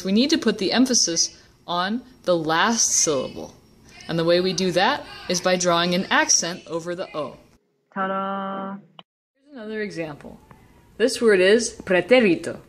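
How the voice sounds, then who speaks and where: A woman teaching Spanish stress rules, slowly sounding out example words. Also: on the low side. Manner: slow, deliberate word demonstrations. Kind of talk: classroom-style explanation.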